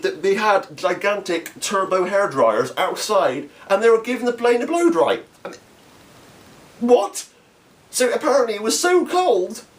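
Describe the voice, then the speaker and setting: A young man from England with an English accent, telling an observational comedy story with frequent laughs and stammering restarts. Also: high-pitched. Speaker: amateur comedian.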